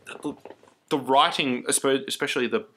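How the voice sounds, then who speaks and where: A man co-hosting a podcast in casual chat, talking in lively bursts with halting restarts and self-mocking asides. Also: mid-range voice. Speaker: podcast co-host.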